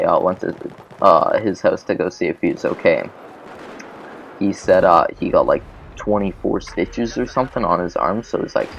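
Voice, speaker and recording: A man's voice: low voice, creaky, a little hiss or hum. A man hosting a gaming channel, telling a childhood story in a rambling, casual way with lots of swearing and fillers. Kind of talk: casual storytelling over gameplay.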